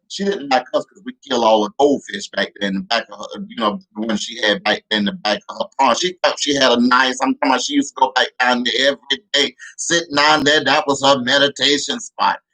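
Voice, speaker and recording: A man's voice: mid-range voice, pushed and bright. A man telling comic childhood stories in a rambling, profane way with many restarts. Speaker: comedian. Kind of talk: comedic storytelling.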